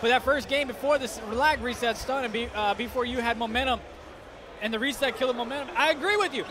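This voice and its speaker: A man's voice: very high-pitched, fast talker. A man giving esports color commentary, chatty in his analysis and teasing in banter. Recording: game sounds and noise behind.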